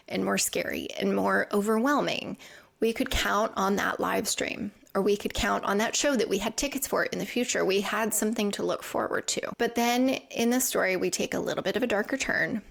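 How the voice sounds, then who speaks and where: Female podcast host, mid-pitched with vocal fry, earnest and reflective storyteller. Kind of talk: scripted recap narration. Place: lives in England.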